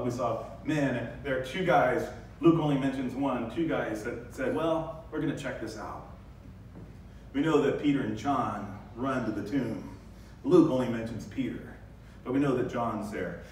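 A male pastor giving a lively sermon, acting out the scenes with sudden high bursts. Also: a little hiss or hum. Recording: very echoey church hall, distant mic.

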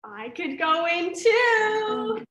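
A calm, blunt young granddaughter who states things matter-of-factly, played by a woman in a stage play. Her voice is high. The room echoes. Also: very slow, heavily acted.

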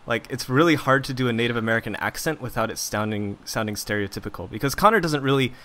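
A man's voice: mid-range voice, quick pace, bright, forceful tone. A man with a mid-range voice hosts a conversation. He works through his questions at length, paraphrasing and hedging as he goes. He comes across as casual and unrehearsed. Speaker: podcast host. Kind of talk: interview questions.

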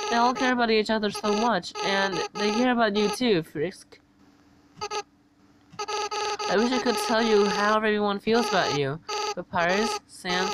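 A woman's voice: medium pitch, very noisy, lightly acted. A woman voicing a young goat-monster boy, a remorseful crybaby, reading game dialogue aloud in a pleading, tearful way. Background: loud game music.

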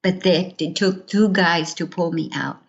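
A woman's voice: fairly low pitch, a little slow, vocal fry, dull audio. A woman giving an earnest personal testimony in an interview, acting out the words of others as she tells it. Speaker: interview guest.

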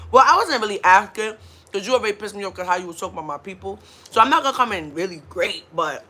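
A woman's voice: mid-range voice, bright, forceful tone. A woman hosting a mukbang livestream, ranting casually with blunt, profane talk and frequent laughs while hungover.

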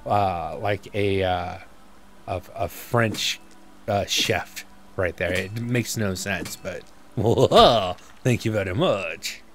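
A man's voice: sits low, very slow, a little hiss or hum. A man giving casual let's-play commentary as a gaming YouTuber, rambling and self-mocking as he thinks aloud.

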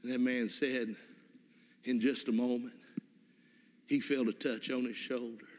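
A man's voice: mid-range voice, little pitch movement, unhurried, a little mellow. A man preaching a sermon, telling a story and praying with fervent, emphatic repeated exhortations. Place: church sanctuary. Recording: long reverb of a church hall.

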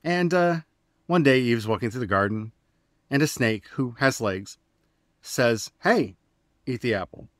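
A man's voice: mid-range voice, measured pace, pauses often, no echo, clean studio sound. A man co-hosting a casual discussion podcast, retelling old stories in a wry, glib, storytelling way. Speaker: podcast co-host.

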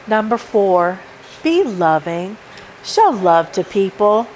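A woman's voice: medium pitch, sing-song, slow, a little mellow, slight background noise, low-quality recording. A woman preaching a sermon at a church service, emphatic and repeating her key points as she works through a numbered list. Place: church sanctuary.

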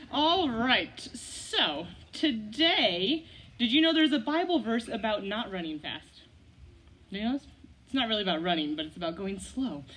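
Woman, children's story leader at an outdoor service, playful, slightly high voice. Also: a bit bright, husky. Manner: playful, laughing, coaching kids with questions. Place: outdoors by a gazebo.

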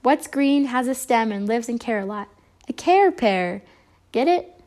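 A woman's voice: a little high, animated, measured pace, a little mellow. A woman voicing a playful, joke-telling bear in a storybook reading. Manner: playful, joking. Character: jokey party-loving bear.

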